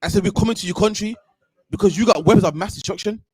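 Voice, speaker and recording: A man hosting a heated commentary, ranting in an animated way and ending his sentences with "man". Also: high-pitched, fast, husky, no echo. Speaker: host.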